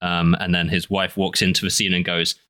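A man co-hosting a podcast, excitable and profane, laughing often. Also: sits low, fairly quick, no echo, studio quality. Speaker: podcast co-host. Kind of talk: casual chat.

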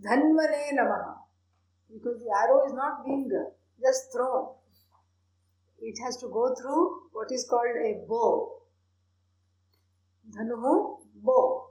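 A woman, a spiritual teacher, explaining a Sanskrit prayer with animated storytelling and soft laughs. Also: on the high side, slow pace, long pauses, roomy sound, rough recording.

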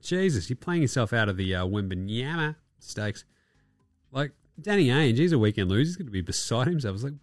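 A man's voice: mid-range voice, sing-song, fairly quick, no echo, clean studio sound, soft background music. Sweary man ranting about basketball. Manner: profane, sarcastic, with mocking put-on quotes. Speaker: podcast host. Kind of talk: ranting sports commentary.

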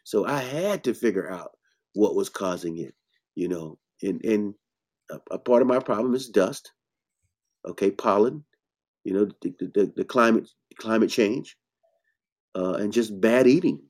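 A man with a mellow, dark voice talks bluntly about health as an herbalist host. He preaches in emphatic bursts. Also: lowish voice, unhurried, long pauses. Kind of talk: casual health talk.

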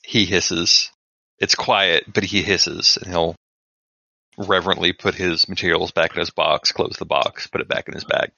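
Male tabletop player, halting narration, bright edgy tone, dry sound. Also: low voice, fairly even intonation, vocal fry, no echo, dull audio. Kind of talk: describing his character's actions in a tabletop game.

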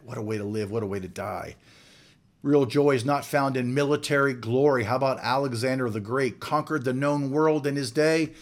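A man's voice: mid-range voice, normal speed. Earnest male preacher. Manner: earnest, emphatic preaching with repeated phrases. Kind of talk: sermon.

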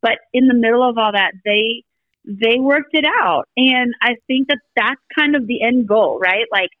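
Animated mother telling family stories. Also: a little high, moderate pace, no room sound, phone-quality sound. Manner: animated storyteller acting out family dialogue. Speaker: podcast guest. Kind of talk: casual storytelling chat.

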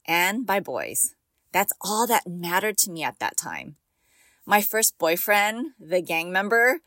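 A woman's voice: fairly low pitch, a bit bright, no room sound. A middle-aged woman hosting a podcast for moms, talking in a chatty, encouraging way and laughing often. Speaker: podcast host and mom coach. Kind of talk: casual podcast monologue.

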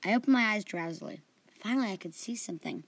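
A woman's voice: medium pitch, expressive, creaky, no room sound. Playful woman narrating a story podcast. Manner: playful, quick asides. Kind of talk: first-person story narration.

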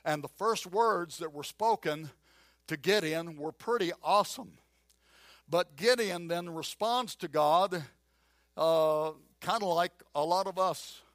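A man preaching a sermon as pastor, emphatic and animated, repeating key phrases and acting out doubting voices. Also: sits high, no echo, clean studio sound. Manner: acts out voices of a doubting listener and a drawling Gideon.

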